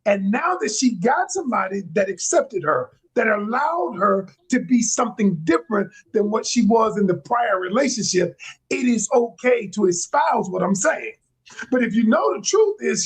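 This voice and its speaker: A man speaking as a relationship coach on a live panel, explaining his view in a measured way. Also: high voice, expressive, husky, poor audio. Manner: measured, explanatory, quotes others in a raised voice. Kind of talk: panel discussion on a live stream.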